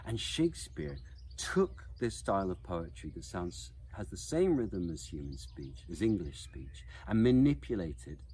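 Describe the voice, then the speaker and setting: A man's voice: deep voice, very animated, a little slow, mellow, a little hiss or hum. A man explaining poetry in an educational voice-over, chanting the beats aloud to show the rhythm.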